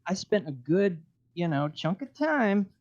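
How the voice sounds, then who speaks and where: Dude calling in, wry and drawly, muffled dry call audio. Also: male voice, high voice, big pitch swings, a little slow, dry recording. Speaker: call-in guest. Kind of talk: casual chat with wry banter.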